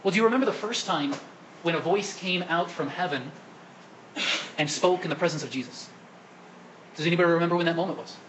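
A man's voice: fairly high pitch, a little fast, long pauses, background noise. Priest asking his congregation questions. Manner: asks the congregation questions and coaxes answers. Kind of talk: sermon at Mass. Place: church during Mass.

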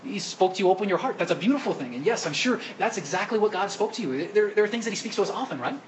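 A man's voice: sits high, expressive, fast talker, a little hiss or hum, low-quality recording. A man preaching a sermon at Mass as the priest, asking the congregation questions and coaxing them to answer. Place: church during Mass.

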